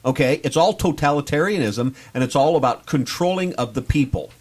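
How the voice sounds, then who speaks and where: A man's voice: a little high, fairly quick, darkish tone. A man co-hosting a political commentary show who chimes in with pointed asides. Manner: interjecting, adds pointed asides.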